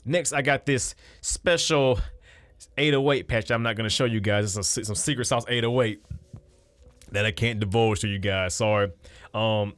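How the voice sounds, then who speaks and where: A man's voice: lowish voice, moderate pace, a bit bright, clean tone. A man talking casually through a beat-making tutorial at his computer, loose and conversational with frequent restarts. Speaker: music producer.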